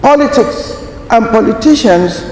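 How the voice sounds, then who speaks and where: A man giving a formal prepared speech at a conference, slow and deliberate, stressing key words. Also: very high voice, expressive, darkish tone, a little hiss or hum. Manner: slow, deliberate, emphatic delivery. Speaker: conference speaker. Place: large conference hall. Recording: echoey hall, faint ambience.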